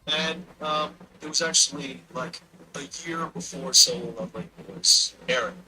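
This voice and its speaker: A man, a voice actor, casually telling an anecdote in a lively way and acting out the lines of the people in it. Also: fairly high pitch, moderate pace, a crowd in the background, rough recording. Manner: lively storyteller, acts out quoted dialogue. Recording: steady background noise.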